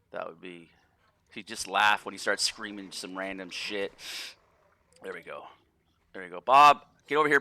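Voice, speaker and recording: A man's voice: on the low side, bright, forceful tone, no room sound. A man casually commenting on his gameplay in a rambling, profane way, often repeating and restarting words. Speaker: gaming channel host.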